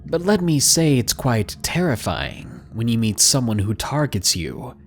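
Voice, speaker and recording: Expressive male horror story narrator. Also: medium pitch, measured pace, faint music behind. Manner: expressive, dramatic reading with hushed asides.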